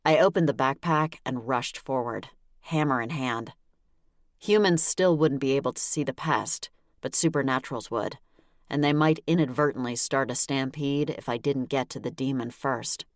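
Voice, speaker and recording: A woman narrating a first-person audiobook in a wry, lively storytelling manner, close on a studio mic. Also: very deep voice, normal speed, no echo.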